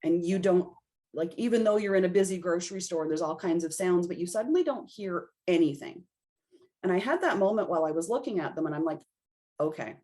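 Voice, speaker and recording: Female podcast guest, low-pitched, animated conversational storyteller. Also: a little fast. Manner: animated storyteller acting out her own reactions. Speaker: podcast guest, intuitive reader.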